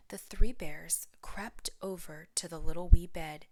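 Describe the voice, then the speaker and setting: A woman teacher reading a picture book aloud, expressive and often dropping to a whisper. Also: lowish voice, measured pace, hardly any pauses.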